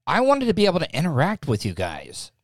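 A man's voice: a little high, wildly swooping pitch, brisk, dry recording. A man hosting a casual live podcast from a home studio, rambling and self-deprecating, often repeating himself. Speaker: podcast host. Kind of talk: casual live-stream chat. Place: home studio lit with lamps. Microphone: desk podcast mic with a mixing board.

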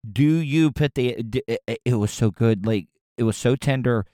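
A man's voice: medium pitch, clean tone, no echo, studio quality. A man hosting a radio show, riffing on a news story with crude, rambling jokes and frequent restarts. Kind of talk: casual comedic commentary.

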